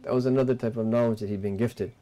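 A man giving a religious lesson, explaining a text in measured teaching talk and mixing in Arabic terms. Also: medium pitch, steady tone, warm tone. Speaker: Islamic teacher.

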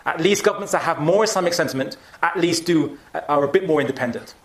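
A man's voice: a little high, quick pace, reverberant. A man giving a public talk and taking audience questions, speaking emphatically with frequent restarts.

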